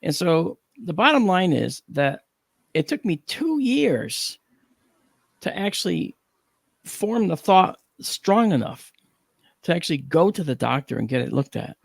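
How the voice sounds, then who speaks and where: A middle-aged man on a talk panel, telling a story with animated, acted-out dialogue and frequent 'okay?' check-ins. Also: fairly high pitch, measured pace, gravelly, husky, no room sound, studio quality. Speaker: panel guest.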